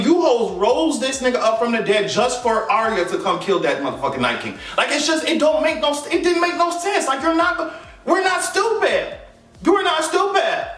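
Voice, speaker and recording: A man's voice: extremely high pitch, a bit bright, distant mic. A man delivering a heated, emphatic and profane fan rant as a vlogger. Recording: echoey room, voice off mic.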